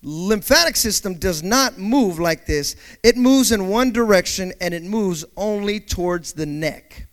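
A male pastor delivering a dynamic sermon, swinging between quiet explanation and loud call-outs, acting out panicked voices and asking the congregation to respond. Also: high voice, animated. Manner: acts out panicked voices in quick asides.

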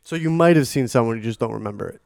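Fast-talking teasing young man. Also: mid-range voice, expressive, vocal fry, darkish tone, smooth, no room sound, studio quality. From Long Island. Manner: teasing, quick questions. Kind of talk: casual chat.

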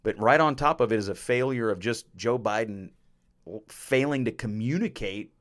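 A man's voice: mid-range voice, moderate pace. A man co-hosting a political podcast in casual, joking chat, laughing often. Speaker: podcast co-host.

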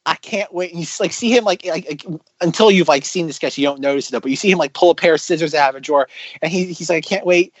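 A man co-hosting a podcast, retelling scenes excitedly in a rambling, filler-heavy way. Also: fairly high pitch, racing, husky, no room sound. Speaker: podcast co-host. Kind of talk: casual chat about sketch comedy.

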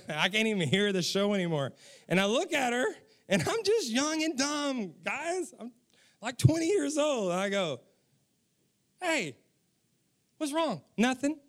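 A man's voice: extremely high pitch, very animated, normal speed, a bit bright. A man, preaching a sermon and telling funny stories from his own life, chuckling and talking straight to the audience. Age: 40s. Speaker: pastor. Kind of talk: sermon with humorous personal stories.

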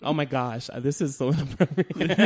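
A man's voice: on the high side, a little slow, fairly bright tone, husky. A man guesting on a podcast, talking in a flamboyant, campy, giggly way in casual chat.

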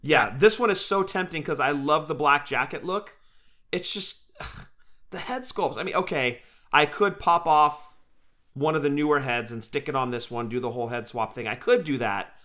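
Bright-voiced man, enthusiastic casual co-host. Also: on the high side, normal speed. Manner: enthusiastic, says "dude" often. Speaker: podcast co-host. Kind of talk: casual chat.

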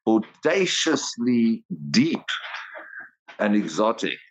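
A man's voice: fairly low pitch, big pitch swings, takes it slowly, poor audio. A man, co-hosting a podcast in casual chat, rambling and heartfelt, with frequent laughs and restarts. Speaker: podcast co-host.

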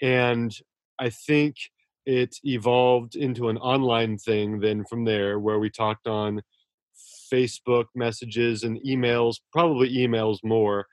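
A man's voice: mid-range voice, flat delivery, takes it slowly, no room sound. Male author guest, earnest and effusive, restarts a lot, dry recording. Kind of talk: casual interview talk.

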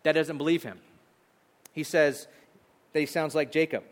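A male pastor preaching a sermon, retelling a story in an animated, conversational way. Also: a little high, normal speed. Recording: long hall reverb.

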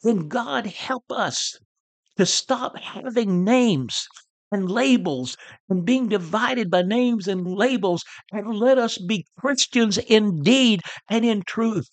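A man's voice: extremely high pitch, sing-song, normal speed, voice pushed up, exaggerated voice. A man voicing a fervent 18th-century preacher calling out dramatically to a huge outdoor crowd. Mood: rousing. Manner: dramatic, shouting upward pleas.

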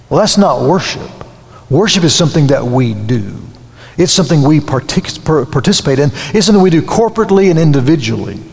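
A man's voice: a little high, vocal fry, big-room sound. A man preaching a sermon, earnest and emphatic, repeating key words and restarting phrases.

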